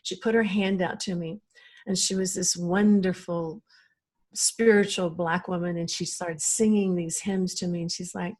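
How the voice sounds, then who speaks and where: A woman's voice: lowish voice, steady tone, normal speed, darkish tone. A middle-aged woman, a podcast guest, telling a personal story in an earnest, emotional way.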